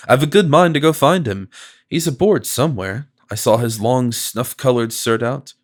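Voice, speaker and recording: A smooth-talking stranger with a gentle, flattering voice, full of sympathy that never quite rings true, as a man reads him in an audiobook. He talks at an even, middle pitch. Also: close to an everyday voice. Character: smooth, solicitous male stranger, a confidence man.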